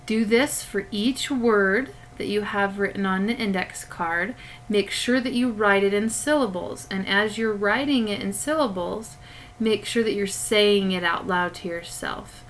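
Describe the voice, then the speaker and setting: A woman's voice: medium pitch, unhurried, a little hiss or hum, low-quality recording. A woman teacher giving a recorded spelling lesson to children, patiently explaining each step through a webcam.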